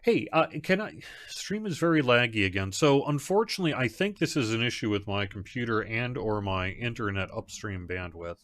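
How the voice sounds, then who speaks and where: A man's voice: mid-range voice, animated, normal speed, few pauses, fairly bright tone. A man, the community manager of a game, hosting a casual live stream from home; he rambles conversationally, with fillers and restarts. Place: home setup.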